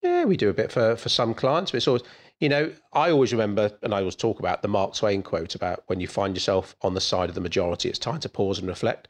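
A man's voice: on the low side, quick pace. A man co-hosting a podcast, talking bluntly with jokes and swearing. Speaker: podcast co-host. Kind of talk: casual podcast chat.

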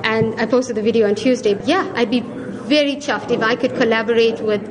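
A woman's voice: fairly high pitch, steady tone, brisk. Chatty South African woman. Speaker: restaurant owner and singer. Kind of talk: interview. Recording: crowd chatter behind.

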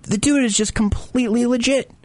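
A man's voice: extremely high pitch, fairly even intonation, fairly quick, no room sound. A man hosting a sports radio show, talking in a playful, rambling way. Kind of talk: casual sports radio banter.

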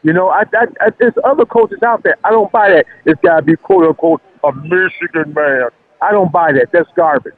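A man's voice: high voice, expressive, brisk, few pauses, no echo. A man calling in to a sports radio show, ranting insistently and repeating himself in frustration. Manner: insistent, repetitive, exasperated. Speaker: caller. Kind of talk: frustrated call-in rant. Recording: tinny phone line.

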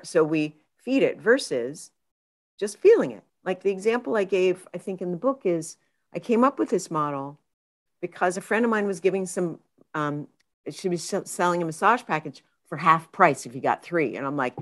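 A woman therapist and author, a guest on a podcast, telling stories in a casual, expressive way and acting out her own inner voice. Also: fairly low pitch, moderate pace.

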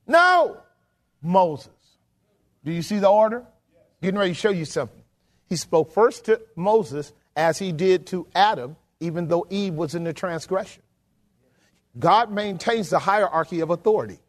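A middle-aged pastor preaching a sermon in a church, asking the congregation questions and building to emphatic peaks. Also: male voice, high-pitched, lively intonation, normal speed. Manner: call-and-response preaching, rising to emphatic peaks. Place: church sanctuary.

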